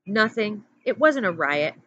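A woman's voice: mid-range voice, sing-song, measured pace, a bit bright. A woman voicing a timid teenage boy who tries to avoid trouble, defensive and pleading, in a storybook read-aloud with a dull sound.

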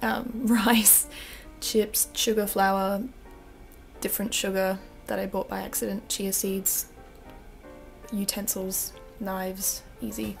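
A woman's voice: mid-range voice, level tone, slow, gravelly. A young Australian woman whose accent drifts British, chatting casually with fillers and giggles while showing around her small apartment. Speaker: vlogger. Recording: echoey small room, faint background music.

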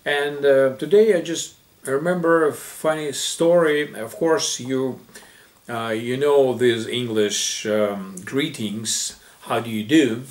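Man teaching English with many pauses. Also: medium pitch. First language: Russian. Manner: relaxed, hesitant, many ums and restarts. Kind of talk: casual spoken lesson, storytelling.

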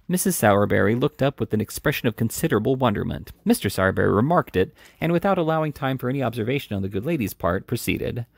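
A man reading a classic novel aloud in an unhurried, lively way, with small slips and restarts. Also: medium pitch, vocal fry, no room sound, studio quality. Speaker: reader.

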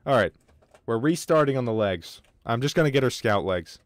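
Excitable young man streaming a game. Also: medium pitch, dry recording. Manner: excitable, swearing, quick outbursts of frustration. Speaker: livestreamer. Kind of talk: casual gaming livestream commentary.

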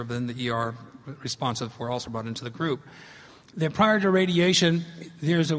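A man in his fifties giving an animated, emphatic public science lecture in a large hall. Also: fairly high pitch, a little hiss or hum. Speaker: lecturer on fungi. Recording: long reverb of a lecture hall.

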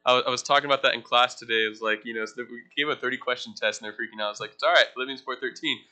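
A man's voice: mid-range voice, steady tone, very fast, pushed and bright. A young man as a pastor giving a casual teaching sermon in a church, chatting with the congregation, asking them questions and joking about himself. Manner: conversational, asks the room questions, self-deprecating asides.

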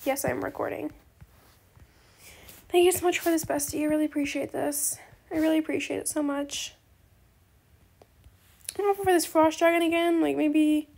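A woman who makes gaming videos chats casually while playing, her high voice creaky with a darkish tone. She rambles, sprinkles in slang like "bestie" and "slay," apologizes often, and gushes at other players.

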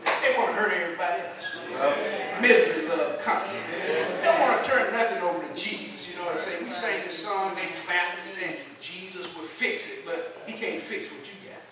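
A man's voice: high voice, a little fast, a crowd in the background. A man preaching a sermon to a congregation, folksy, with call-and-response asides. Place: church sanctuary with congregation. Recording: very echoey, distant church recording with congregation.

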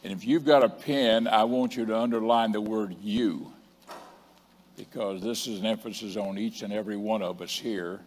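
A man preaching a sermon, teaching from scripture and reading verses slowly and emphatically. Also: lowish voice, fairly even intonation, darkish tone, slight background noise. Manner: slow emphatic scripture reading, rising in force. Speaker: bishop preaching. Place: church sanctuary. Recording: long church hall reverb.

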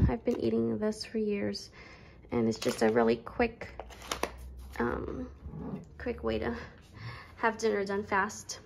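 A woman's voice: on the high side, gravelly, background noise. A young woman chatting casually through her grocery haul at home, a little out of breath, with many fillers. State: pregnant, slightly out of breath. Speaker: vlogger.

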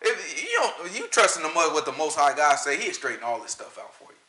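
Southern man, bright high voice, lively Bible teacher, echoey room. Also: a little fast. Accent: US Southern country. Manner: animated, rhetorical questions, frequent laughter. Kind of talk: informal Sabbath teaching.

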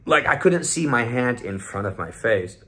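Young dude vlogging, bright edgy voice, cussing nonstop, just rambling through the story. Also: male voice, mid-range voice, animated, normal speed. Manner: profane, rambling, swears constantly; acts out the voices of friends in quotes. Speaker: vlogger telling a trip report. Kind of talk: casual storytelling.

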